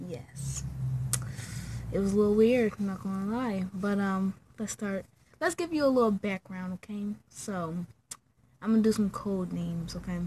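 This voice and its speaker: A young woman vlogger casually telling a story from childhood, acting out the people in it with sudden high squeaky voices. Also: a little hiss or hum. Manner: animated, acts out her own and friends' lines in squeaky high voices.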